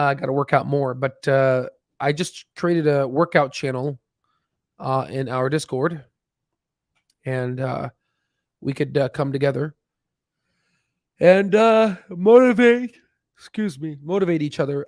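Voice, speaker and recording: A tired, yawning man hosts a casual stock livestream, rambling along with plenty of fillers and restarts. His voice sits in the mid range at a normal speed, and the recording is studio quality with no room sound.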